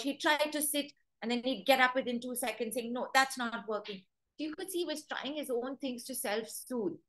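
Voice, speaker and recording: A woman speaks as a dog trainer in a webinar, with a fairly high voice. She tells stories warmly paced and slips into little quoted voices for what dogs seem to think. Her talk is conversational, full of asides and examples. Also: poor audio. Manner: storytelling, acts out dogs' thoughts in quoted voices.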